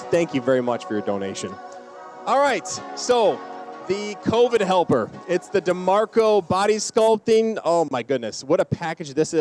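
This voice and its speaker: A man's voice: a little high, darkish tone. A middle-aged man hosting a charity auction, cheerfully announcing prize winners and stretching out their names. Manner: upbeat, drawn-out name calls.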